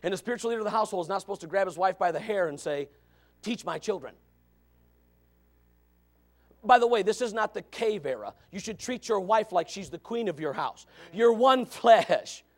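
A male pastor preaching a fiery sermon, swinging from shouts to low asides. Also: animated, quick pace, hardly any pauses.

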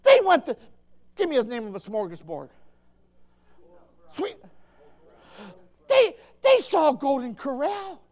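A man preaches a fervent, impassioned sermon in an extremely high voice with huge pitch swings, speaking slowly with long pauses. He swings between hushed and shouting, stammers into restarts, and calls out emphatically to his listeners.

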